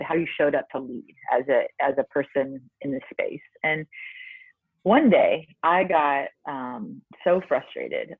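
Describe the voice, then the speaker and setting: A woman in her forties joins a podcast as a guest for a casual interview, speaking earnestly and reflectively with lots of filler words. Her low voice has a breathy edge, and the dry recording sounds tinny, like a phone line.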